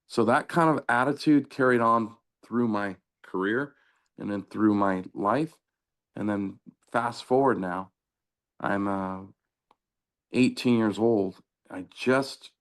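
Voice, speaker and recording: A middle-aged man from Southern California, a former pro soccer player, telling stories in a casual interview and acting out the dialogue. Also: fairly low pitch. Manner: animated anecdotes, acting out quoted dialogue. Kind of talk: casual storytelling.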